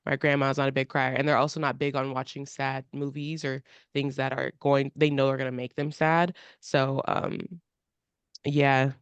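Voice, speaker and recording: A woman's voice: a bass voice, clean tone, no room sound, lo-fi sound. Chatty woman podcast host, dry sound. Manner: chatty, many fillers, laughs often. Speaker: podcast co-host asking questions. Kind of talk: casual podcast chat.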